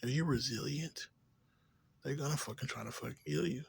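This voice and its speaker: A man ranting in a rambling, profane, casual way, drifting between low mutters and louder outbursts. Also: brisk, vocal fry, breathy edge. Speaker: vlogger.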